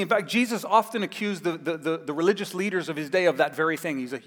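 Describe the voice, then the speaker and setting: Animated man preaching a sermon. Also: high voice, fairly quick, hardly any pauses. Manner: animated storytelling, acts out quotes with a raised voice. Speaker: pastor. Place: church sanctuary. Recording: long hall reverb.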